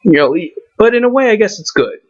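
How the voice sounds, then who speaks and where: A man's voice: high-pitched, animated, fast talker, dry recording. A man ranting and swearing to camera, firing off rhetorical questions. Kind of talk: profane rant to camera. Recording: dull lo-fi recording.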